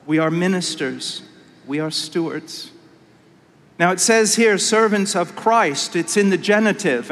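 A man preaching in a big conference hall, his voice high and unhurried, each phrase drawn out with weight. He goes from quiet, hushed lines to fervent cries, and the sound rings with long reverb. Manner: impassioned, swings from hushed to shouted. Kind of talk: conference sermon.

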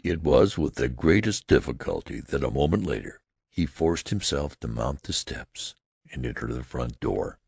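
A man narrating an audiobook in a measured, expressive storytelling manner. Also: extremely low pitch, gravelly, no room sound, studio quality. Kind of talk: scripted narration.

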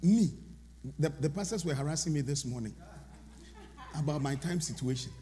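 A man preaching a sermon as pastor, swinging from loud shouted lines to hushed asides. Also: a little high, normal speed. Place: large church sanctuary. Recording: long church reverb.

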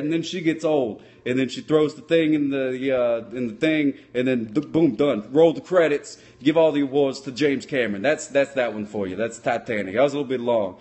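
A man playing a dim, cheerful sock puppet cop, rambling in a folksy, deadpan way and mangling his words in improvised puppet comedy. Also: mid-range voice, a little fast, few pauses. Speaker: sock puppet comedian answering live chat.

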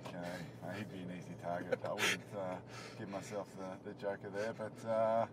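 Coach guy, lowish voice, dry teasing banter, loud road noise in the car. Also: level tone, brisk. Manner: dry teasing banter, calls people mate. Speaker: rugby coach. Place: inside a moving ute.

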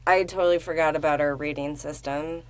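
A woman's voice: low voice, steady tone, brisk. A woman co-hosting a podcast in casual chat, teasing and brash, swearing playfully. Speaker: podcast co-host.

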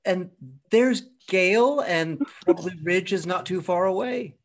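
Friendly priest chatting on a video call. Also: male voice, sits high, a little slow, a crowd in the background. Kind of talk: casual video-call chat.

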